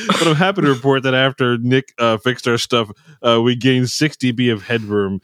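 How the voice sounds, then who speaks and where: A man's voice: medium pitch, normal speed, hardly any pauses, a bit bright, smooth, no room sound. A man co-hosting a casual podcast, rambling and laughing as he retells stories and quotes others. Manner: rambling, laughing, quoting others in put-on voices. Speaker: podcast co-host, live sound engineer. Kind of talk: casual chat.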